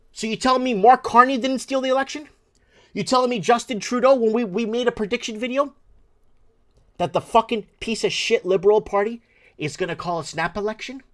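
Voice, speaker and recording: A man hosting a talk show, ranting angrily and cursing, swinging between shouted bursts and low muttering. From Portuguese heritage. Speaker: show host. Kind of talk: angry political rant.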